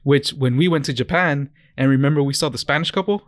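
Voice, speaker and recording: A young man co-hosting a casual podcast, telling stories in a smooth, clear voice. He rambles and corrects himself as he goes, and the dry sound keeps him close to the mic. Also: fairly high pitch, quick pace, dry recording. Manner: rambling, many restarts and self-corrections. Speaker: podcast co-host. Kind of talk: casual chat.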